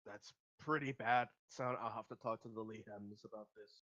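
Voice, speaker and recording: A man voicing an older barbarian father who stays calm and thinks aloud, on a slightly muffled recording. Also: fairly low pitch, natural voice. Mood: concerned. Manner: measured, thoughtful.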